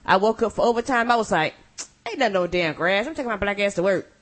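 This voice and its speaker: Lively, teasing female co-host. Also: medium pitch. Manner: playful, teasing, with quick interjections. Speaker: podcast co-host. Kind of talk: casual podcast chat.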